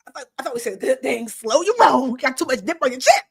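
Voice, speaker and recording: Wry teasing creator, mock-surprised, lively, as a woman puts it on. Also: high voice, fast talker, breathy edge, exaggerated voice.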